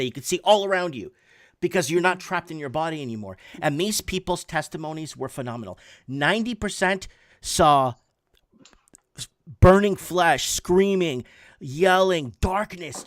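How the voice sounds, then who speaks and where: A man in his forties telling a story in a casual, animated way, often repeating words for emphasis. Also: a little high, no echo. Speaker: podcast host.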